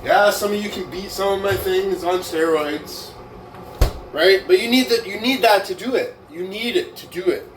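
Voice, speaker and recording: A fairly high-pitched man rants at his viewers in a casual vlog, boastful and taunting. The room is echoey, with a faint ambient hum behind him. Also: normal speed. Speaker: weightlifting vlogger.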